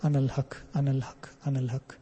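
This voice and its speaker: A man voicing a calm, innocent teenage boy who softly repeats his words without wavering. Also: medium pitch, fairly quick, slightly rough, pitched below the performer's own voice, natural voice. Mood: serene. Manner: soft, calm, unwavering repetition. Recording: long hall reverb.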